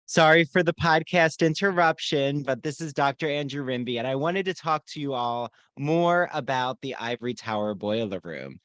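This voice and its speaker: A man's voice: medium pitch, a bit bright, dry recording. A man hosting a podcast, reading sponsor ads in an upbeat, enthusiastic way. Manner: upbeat, enthusiastic promotional delivery. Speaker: podcast host. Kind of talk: read podcast ad.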